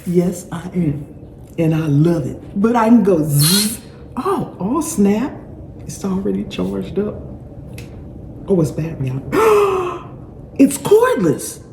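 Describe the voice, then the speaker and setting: A middle-aged woman runs a gardening channel and gushes through an excited unboxing vlog, laughing, exclaiming, repeating phrases, and calling her viewers y'all. Her mid-range voice swings widely in pitch, moving slowly with frequent pauses and a darkish tone. It's recorded in an echoey room with clatter and slight background noise.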